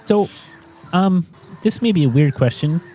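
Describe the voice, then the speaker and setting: A man's voice: fairly high pitch, animated, a little slow, warm tone, soft background music. A man playing a tabletop game, asking curious, slightly nervous questions in character. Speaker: player. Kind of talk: in-character tabletop role-play.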